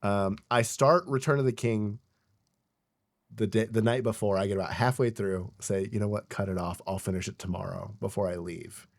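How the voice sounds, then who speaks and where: A man's voice: on the low side, steady tone, moderate pace, creaky. A young man co-hosting a podcast, telling a story in casual chat, rambling with lots of fillers and swearing. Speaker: podcast co-host.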